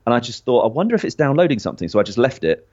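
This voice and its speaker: A man's voice: medium pitch, very animated, racing, darkish tone. A man co-hosting a podcast, chatting casually about tech, laughing often and restarting sentences. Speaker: podcast co-host. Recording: slightly dull lo-fi sound.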